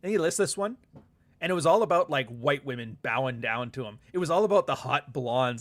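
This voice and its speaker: A man's voice: fairly high pitch, lively intonation, a little fast, a bit bright. A man hosting a casual livestream chat, rambling and profane, reading viewer comments aloud and often laughing. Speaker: author and livestream host.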